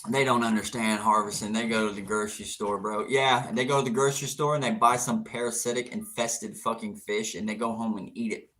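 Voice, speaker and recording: A man's voice: fairly low pitch, fairly even intonation, a little fast, hardly any pauses, a bit bright. A young man hosting an outdoors livestream, answering viewer comments in a brash, teasing, profane way with frequent laughter.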